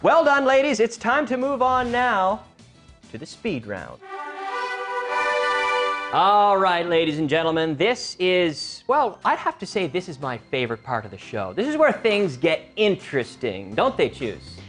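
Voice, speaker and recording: A man hosting a quiz show and teaching English, energetic and teacherly, stressing intonation. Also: high voice, measured pace, music in the background.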